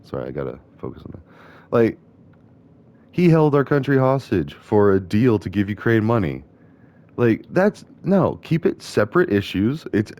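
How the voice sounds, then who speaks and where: Young male gaming vlogger, low voice, indignant rambling rant between game moves. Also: darkish tone. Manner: ranting, indignant, digressive. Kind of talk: casual rambling commentary while gaming.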